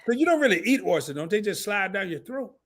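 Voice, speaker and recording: A man with a country Southern US accent, joking loudly and colloquially as a guest on a casual live stream. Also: high-pitched, big pitch swings. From rural American South. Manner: loud, joking, drawn-out exclamations, colloquial.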